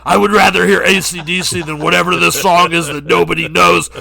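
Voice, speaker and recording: A man's voice: high voice, steady tone, fairly quick, creaky, crowd noise. A man putting on the voice of a menacing, gleeful grown man who worships Satan.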